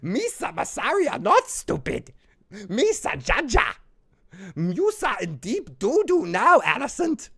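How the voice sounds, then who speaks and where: A man voicing a silly, babbling alien spymistress in a goofy pidgin way, pitched high and slightly off-mic. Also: huge pitch swings, takes it slowly, gravelly, fairly bright tone, husky, full character voice. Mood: mocking.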